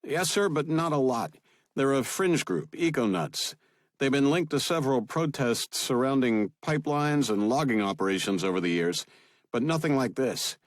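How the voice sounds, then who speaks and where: A man's voice: medium pitch, animated, moderate pace, no room sound, studio quality, pitched above the performer's own voice, close to an everyday voice. A man voicing a formal, careful FBI director in an audiobook. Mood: deferential. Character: adult male FBI director, deferential, briefing.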